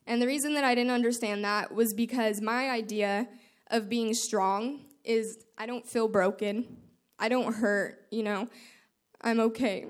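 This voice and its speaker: A woman with a slightly higher voice gives an informal devotional talk. She reads scripture aloud at a measured pace, then explains it in earnest, halting words with many restarts. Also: clean tone. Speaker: speaker sharing scripture.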